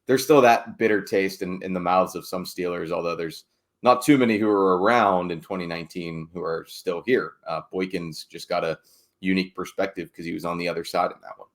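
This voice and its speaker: A man's voice: deep voice, a little fast. A man, a team beat reporter, chatting casually on a sports podcast with wry, digressive asides.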